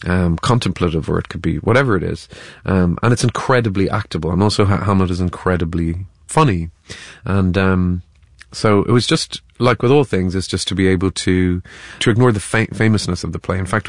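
A man with a very deep voice talks through his work as an actor, often stumbling over his first words before settling into a thought. The sound is dry and close, with no room around him. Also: no echo. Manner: stammering restarts, thoughtful, laughs easily. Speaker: actor, interview guest. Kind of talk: reflective interview talk.

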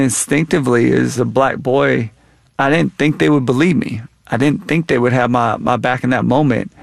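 A man in his thirties, a guest author, reading from his memoir and answering interview questions in an earnest, measured way. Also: mid-range voice, gravelly, no room sound.

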